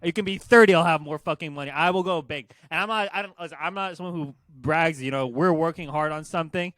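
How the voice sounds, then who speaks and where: A young adult man co-hosting a podcast rants casually at online commenters, using heavy profanity. His voice is a little high, quick-paced and fairly bright, with no room sound.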